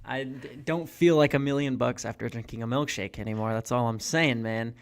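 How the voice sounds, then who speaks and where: A man's voice: mid-range voice, a little fast, creaky, clean tone. A man in his twenties chatting casually on a podcast, rambling with lots of fillers. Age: 20s. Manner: laid-back, rambling with many fillers. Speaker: co-host. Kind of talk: casual chat.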